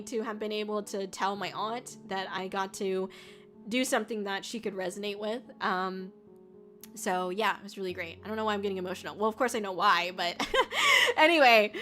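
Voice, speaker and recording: Bright-voiced woman streamer chatting. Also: mid-range voice. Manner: rambling, swears freely, many fillers. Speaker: VTuber streamer. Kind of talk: casual livestream chat. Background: faint music.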